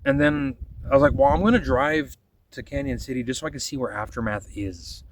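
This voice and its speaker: A man's voice: mid-range voice, big pitch swings, brisk, creaky, distant mic, a little hiss or hum, low-quality recording. A man telling rambling, profane stories about making his videos, often quoting himself in a casual monologue. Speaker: vlogger.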